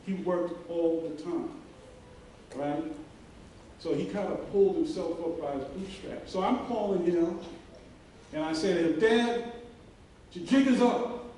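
A man's voice: a little high, steady tone, dark tone. Middle-aged man speaking in an echoey hall. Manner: earnest storytelling, with many pauses and fillers. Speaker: commencement speaker. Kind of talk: graduation speech. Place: large hall. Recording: very echoey hall, voice from far off, faint hiss.

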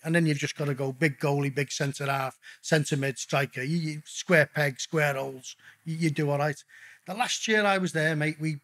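A man, a guest, telling a story casually and animatedly, swearing heavily as he goes. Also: on the high side. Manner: heavy swearing, animated retelling.

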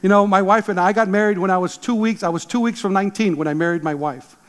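A man in his sixties, a pastor, preaching an emphatic, animated sermon. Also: high voice, fast talker, in a large hall. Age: 60s. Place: church sanctuary.

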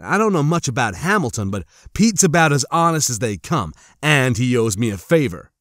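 A man's voice: medium pitch, big pitch swings, moderate pace, fairly bright tone, dry recording, clean studio sound. A man voicing an easygoing young male soldier who talks casually with small hesitations, in an audiobook.

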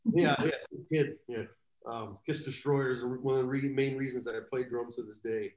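A man telling rambling, animated anecdotes as a guest in a live video chat. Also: medium pitch, normal speed, reverberant, rough recording. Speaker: guest drummer. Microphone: video call.

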